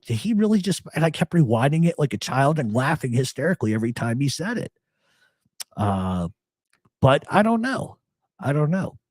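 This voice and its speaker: A man's voice: on the high side, dry recording, studio quality. A man hosting a live show, chatting casually and swearing freely as he tells stories. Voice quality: profane, animated storyteller. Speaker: podcast host. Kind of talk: casual live-stream chat.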